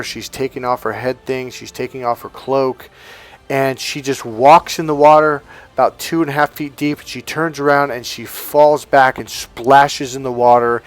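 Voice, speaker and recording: Man giving an emphatic coaching talk. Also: mid-range voice. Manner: storytelling, emphatic repetition. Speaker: life coach. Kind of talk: casual motivational monologue.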